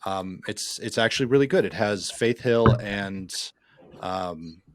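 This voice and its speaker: A man's voice: lowish voice, a little slow, no room sound, studio quality. A man co-hosting a podcast, chatting casually over a laggy video call and rambling a little as he goes. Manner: rambling, talks over others. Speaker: podcast co-host. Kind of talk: casual chat.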